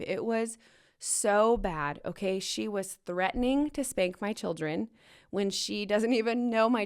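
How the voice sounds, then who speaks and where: A woman's voice: mid-range voice, smooth. Candid young woman telling a painful story. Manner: emotional, candid and animated, with rueful laughs. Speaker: podcast host. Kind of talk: personal storytelling to listeners.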